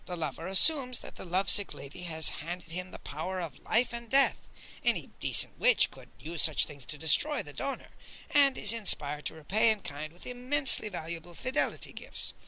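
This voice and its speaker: A man narrating an audiobook in an animated storytelling style, with many character voices. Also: high-pitched, vocal fry, poor audio. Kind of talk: expressive audiobook reading.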